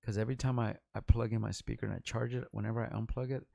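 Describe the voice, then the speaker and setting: A man's voice: lowish voice, fairly even intonation, rapid-fire, gravelly, warm tone, no echo, studio quality. A man in his forties from Los Angeles, a rapper talking in a rambling, profane and candid vlog monologue.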